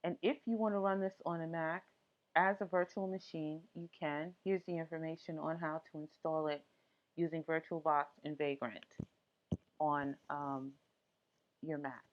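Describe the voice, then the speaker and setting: A woman's voice: deep voice, steady tone, moderate pace, muffled recording. Chatty woman hosting a tech tutorial. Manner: chatty, lots of ums and asides. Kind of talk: casual screen-recorded tech tutorial.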